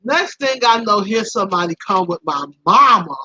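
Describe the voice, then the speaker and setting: A woman hosting a live stream tells a story to her viewers in a lively, casual way. She laughs often, and her voice jumps up high at the embarrassing parts. Her tone is bright and forceful, and the recording is close and dry. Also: normal speed, husky, dry recording, low-quality recording. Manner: animated, laughing, swoops high when embarrassed.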